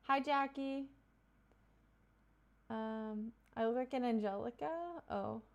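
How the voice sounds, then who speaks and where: Streamer woman from Kentucky, bit higher voice, smooth and clean, loose chatty delivery. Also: fairly even intonation, dull audio. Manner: chatty, loose, with fillers and quick asides. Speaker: live streamer. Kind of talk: casual chat reading viewer comments.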